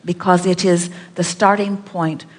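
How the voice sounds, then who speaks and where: A woman's voice: fairly low pitch, level tone, measured pace. A woman giving an inspirational seminar talk, speaking as "we" and repeating her points with emphasis. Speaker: speaker answering audience questions. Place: large hall with audience. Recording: long hall reverb.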